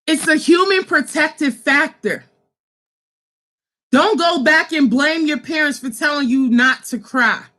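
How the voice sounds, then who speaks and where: A woman's voice: high-pitched, unhurried, sharp tone. A woman in her thirties, a social worker, talking about her own trauma in a raw, emphatic, profane way. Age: 30s. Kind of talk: impassioned personal talk.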